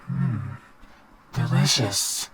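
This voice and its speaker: A man voicing a lovestruck young woman in a high, gushing falsetto. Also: extremely slow, a bit bright. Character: sweet young woman in love.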